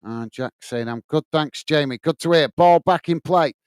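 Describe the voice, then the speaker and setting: A man's voice: a little high, normal speed, smooth, dry recording. A middle-aged English man hosting a live football watch-along, commenting on play and reading viewer messages in a blunt, upfront way. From England.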